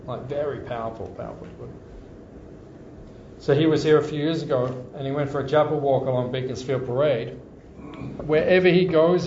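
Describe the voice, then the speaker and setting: Chatty man with a mellow voice. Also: mid-range voice, a little hiss or hum. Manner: chatty storyteller, repeats phrases for emphasis. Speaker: devotional class speaker. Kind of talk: informal scripture class with anecdotes. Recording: echoey room, slightly dull sound.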